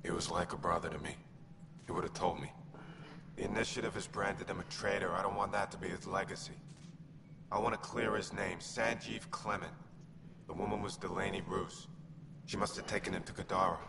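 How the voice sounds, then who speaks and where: An actor voicing a worried, grieving colonist who pleads for help in a heartfelt way. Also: male voice, sits low, fairly even intonation, fairly quick, vocal fry, in a large hall, heavy background noise.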